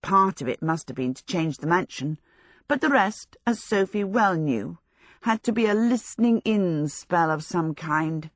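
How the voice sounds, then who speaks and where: A woman with a lower-pitched voice narrates a storybook in a measured, expressive way. The recording is dry and close, with no room sound at all. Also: dry recording. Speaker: audiobook narrator.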